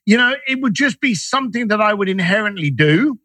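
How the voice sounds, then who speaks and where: A man's voice: high voice, expressive, fairly quick, sharp tone, dry recording. A man, a guest in an interview, telling stories animatedly and acting out the dialogue he quotes. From Irish, raised in East London. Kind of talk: storytelling interview talk.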